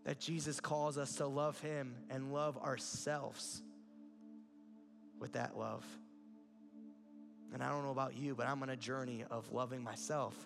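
A man's voice: medium pitch, steady tone, unhurried, vocal fry, pauses often, over music. A man preaching a sermon in an earnest way, building to emphatic peaks. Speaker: pastor.

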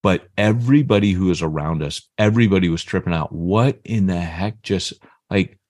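A low-pitched man in his fifties, speaking at a moderate pace, co-hosts a podcast and tells a story in a casual, animated way, acting out each character's voice. There's no room sound, and the quality is studio-grade.

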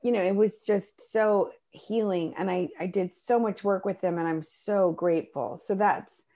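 A middle-aged woman telling a personal story in a casual chat, animated and acting out the voices of people she quotes. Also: mid-range voice, moderate pace. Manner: animated, acts out voices in her stories. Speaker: guest.

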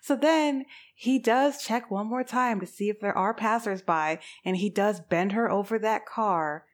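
A woman's voice: mid-range voice, unhurried. A woman co-hosting a casual chat, adding to the story in a playful way.

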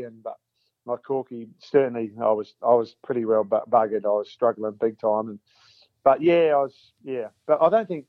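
A man's voice: mid-range voice, normal speed, no room sound, narrow, tinny audio. A man, a former footballer telling long stories in an interview, repeating himself and acting out old conversations. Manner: chatty, repeats words, acts out quotes. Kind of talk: storytelling interview.

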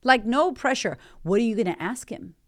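A woman's voice: fairly high pitch, animated, moderate pace. A woman hosting a motivational podcast, talking with candid energy and swearing freely. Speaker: podcast host and life coach.

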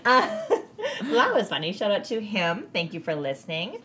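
Lively woman podcaster telling stories. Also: fairly low pitch, normal speed. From Canada. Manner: animated storyteller, acts out quotes, laughs often. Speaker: podcast co-host. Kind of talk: casual chat, storytelling.

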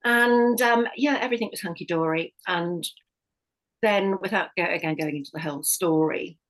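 A woman's voice: on the low side, moderate pace, rough recording. A middle-aged woman, a hypnotherapist and life coach, sharing a personal story as a podcast guest, speaking candidly and often restarting her sentences. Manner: candid, with frequent restarts and self-corrections.

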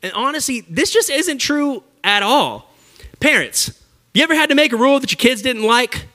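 Male preacher, energetic and joking, talks straight to the crowd; high, bright voice. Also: moderate pace. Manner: energetic, joking, addresses the audience directly. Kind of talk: lively conversational sermon. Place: church service before a live audience.

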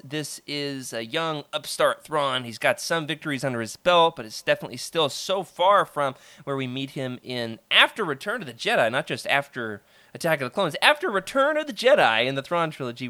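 A man from the American South hosting a casual book-discussion podcast, animated and jokey, laughing often. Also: fairly high pitch, no echo. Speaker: podcast host.

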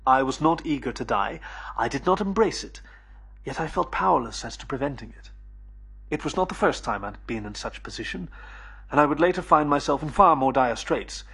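Husky male audiobook narrator. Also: medium pitch, lively intonation, fairly bright tone. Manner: measured, storytelling. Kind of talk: first-person audiobook narration.

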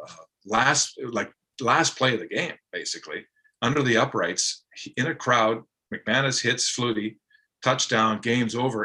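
A man's voice: medium pitch, bright, forceful tone. A man, a guest and former broadcaster, telling fond stories in a loose, rambling way full of fillers. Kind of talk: casual interview chat.

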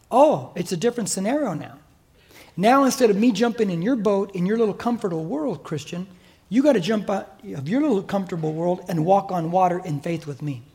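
A man's voice: high-pitched, a little mellow, breathy edge. An older man with an American accent preaching a sermon as pastor in a church, emphatic and exhorting. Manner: emphatic, exhorting, mimics listeners' excuses.

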